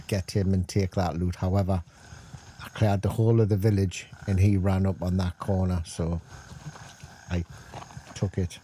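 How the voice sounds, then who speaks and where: A man's voice: sits low, level tone, moderate pace, long pauses, mellow, a little hiss or hum. A middle-aged man, chatting casually and rambling as he gives gameplay commentary. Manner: chatty, rambling, self-deprecating. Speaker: gaming channel host.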